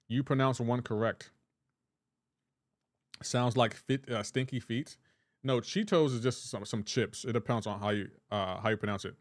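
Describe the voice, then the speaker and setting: Recorded dry with studio quality, a medium-pitched man runs a live game stream. He keeps things chatty and playful, reading out chat names and messages and teasing people over how words are said.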